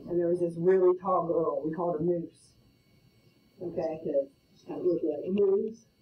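A woman's voice: on the low side, fairly even intonation, normal speed. A middle-aged woman teaching a math class, playful and storytelling, often checking in with "okay?". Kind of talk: classroom lecture. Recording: roomy, distant, muffled classroom audio.

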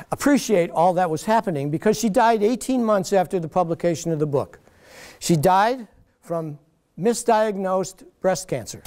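Animated, higher-voiced man giving a lecture. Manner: animated storyteller, mocking quoted critics. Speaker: guest lecturer. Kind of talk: public lecture storytelling. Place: lecture hall.

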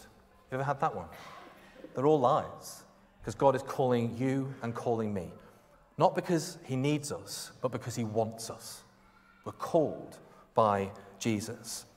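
A man preaching a conversational, emphatic sermon, acting out quotes as he goes. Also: mid-range voice. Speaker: pastor. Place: church hall. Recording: long hall reverb.

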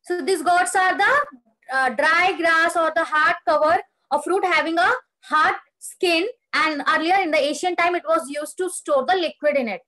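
A woman teaching a lesson in a very high, bright voice. She retells a story line by line and rereads the quoted lines. She stops often to ask questions and explain the meaning of words. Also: moderate pace, low-quality recording.

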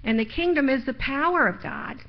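A middle-aged woman preaches in church with a high-pitched, expressive voice, talking a little fast. Folksy and personal, she shares her own testimony and builds her points to louder emphasis. The audio is a lo-fi live stream.

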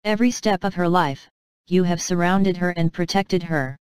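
A woman's voice: lowish voice, normal speed, darkish tone, clean tone, dry recording, natural voice. A woman voicing the king's scheming male enemy, sly and coldly accusing in a storybook reading.

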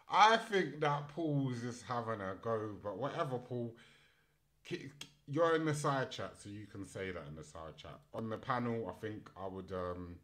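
A man's voice: mid-range voice, lively intonation, moderate pace, fairly bright tone. A man hosting a casual panel podcast, reading news items aloud and breaking off into chatty commentary with fillers. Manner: reads articles aloud, then breaks off into chatty asides with fillers. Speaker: podcast host and moderator.

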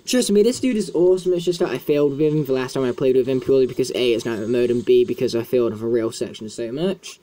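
A man's voice: mid-range voice, quick pace, hardly any pauses, mellow. A man chatting casually as he plays a video game, in a talkative, self-mocking way. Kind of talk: casual gameplay commentary.

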